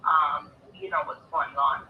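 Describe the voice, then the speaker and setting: A man with a hoarse, gravelly morning voice, joining as a guest on a live call and talking haltingly with many pauses. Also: fairly high pitch, flat delivery, slight background noise. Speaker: guest caller. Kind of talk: casual chat. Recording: echoey, muffled call audio.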